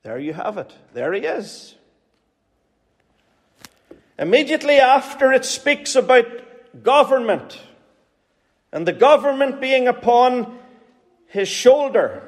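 A man's voice: very high voice, sing-song, slow, pauses often. A man with a Northern Irish accent preaching a sermon in an earnest, pleading way, repeating phrases for emphasis. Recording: hall reverb.

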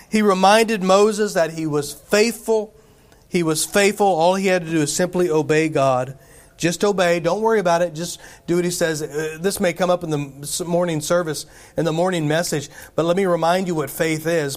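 A male pastor preaching in a church, his voice sitting a little higher than most men's. He keeps it conversational, firing rhetorical questions and asides at the congregation and stumbling through restarts and filler words as he goes. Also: fairly even intonation, normal speed. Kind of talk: sermon.

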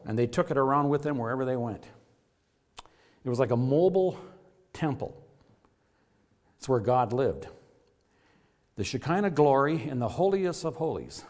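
Emphatic preaching man with lively pitch. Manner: emphatic preaching with wide swings in pitch and loudness. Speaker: pastor. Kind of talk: sermon.

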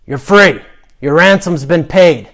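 A man voicing a gruff, blunt dungeon guard who barks at a freed prisoner. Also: a little high, slow, pitched above the performer's own voice. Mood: barking. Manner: barking orders, loud and raised.

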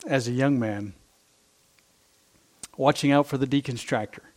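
A man's voice: medium pitch, measured pace. A middle-aged male pastor preaching a sermon, impassioned and emphatic, repeating his phrases for effect.

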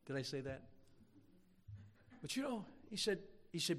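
A man's voice: mid-range voice, very animated, normal speed, pauses often, big-room sound. A man pastor preaching a fervent, emphatic sermon in a church sanctuary.

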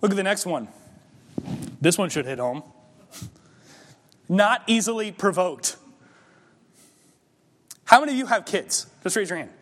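A man's voice: high-pitched, expressive, measured pace, long pauses, fairly bright tone. Man preaching with hall reverb. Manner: conversational preaching, rising to emphatic peaks. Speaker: pastor. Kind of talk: sermon. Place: church sanctuary.

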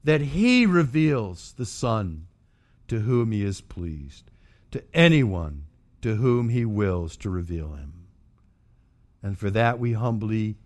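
A man preaching a sermon as pastor, moving from quiet, low passages to shouted, emphatic outbursts.

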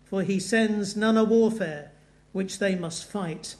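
A steadfast, devout young woman martyr, as a man preacher voices her, speaking slowly and earnestly in old-fashioned phrasing. The voice sits high for a man, and each line is drawn out and weighty. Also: darkish tone. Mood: fervent.

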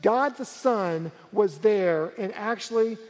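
A pastor with a high, darkish voice preaches slowly in a reverberant hall. He is earnest and emphatic, repeating key words to give them weight.

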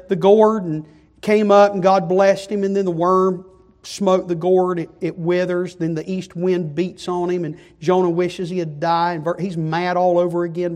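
A man preaching a sermon, moving from quiet pleading to loud, impassioned delivery. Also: high voice.

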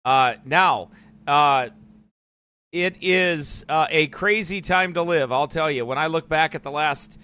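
Man, church livestream host, fairly high and forceful voice, rambling casual talk. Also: slow, clear, resonant tone. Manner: rambling, digressive. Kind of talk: casual live-stream commentary.

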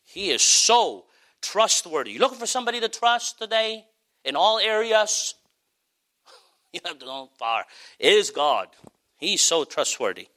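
A man preaching a sermon as pastor, passionate, swelling to high cries and then dropping low. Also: sing-song, measured pace, long pauses, sharp tone.

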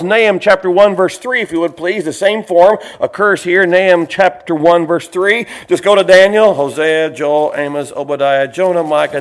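High-voiced older man preaching. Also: moderate pace, few pauses. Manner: folksy, digressive, laughs while preaching. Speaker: pastor. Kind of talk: sermon.

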